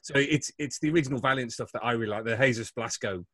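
A man's voice: mid-range voice, fast, a bit bright, no echo. A man hosting a podcast who asks his questions hesitantly and often stumbles over them. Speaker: podcast host. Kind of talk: interview questions.

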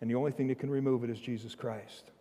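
A man preaching a sermon as pastor, emphatic, swinging from loud bursts to low, intense passages, with humorous asides and chuckles. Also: fairly even intonation, fast talker, in a large hall. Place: church sanctuary.

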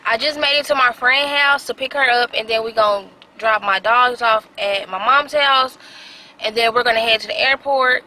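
A young woman vlogging in a casual, chatty way from inside a car, excitable and freely swearing while she drives. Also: a little high, moderate pace, faint music behind, rough recording. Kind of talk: casual vlog chat.

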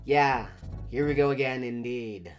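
A hoarse man hosting casual let's-play commentary, venting dramatically and animatedly on a voice call. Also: mid-range voice, measured pace, faint music behind. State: hoarse, sore throat. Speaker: main host of a gaming channel.

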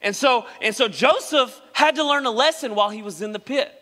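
Male pastor, sermon, dramatic delivery; bright, forceful tone, long church reverb. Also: extremely high pitch, a little fast. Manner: dramatic, acts out quoted speech. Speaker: preacher. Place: church sanctuary.

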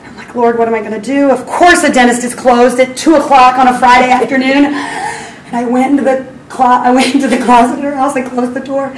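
A woman's voice: high voice, steady tone, a little fast. A woman in her forties telling parents a personal faith story in an earnest, storytelling way. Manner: earnest storytelling, acts out her own prayers with rising emotion. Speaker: speaker at a school parenting talk. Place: school hall. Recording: echoey hall from far off, faint ambient noise.

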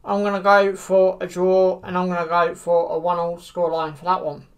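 A woman's voice: lowish voice, completely flat delivery, normal speed. A woman giving casual football predictions to camera, hesitant and full of fillers. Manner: hesitant, many fillers like "you know". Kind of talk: casual solo commentary to camera.

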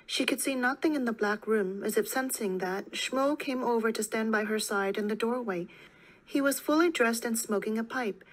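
A woman narrating an audiobook in a calm, even storytelling way. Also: a little high, normal speed, low-quality recording.

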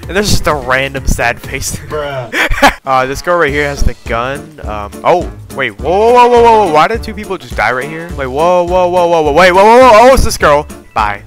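Young male gaming YouTuber, tired and jokey, fairly high and lively, faint music bed. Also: brisk, hardly any pauses. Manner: animated, jokey, mock-dramatic voices. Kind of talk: casual gameplay commentary.

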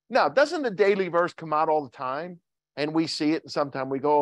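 Male pastor, sermon, King James scripture reading, questions to the congregation, higher voice, dry sound. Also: lively intonation, fairly quick, no room sound. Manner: preaching with rising and falling intensity, asking the congregation questions.

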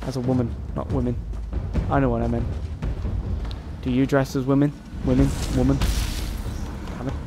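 A man's voice: mid-range voice, little pitch movement, normal speed, pauses often. A man giving playful, joking commentary while playing a video game. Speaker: gaming channel host. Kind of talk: let's-play commentary. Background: game music.

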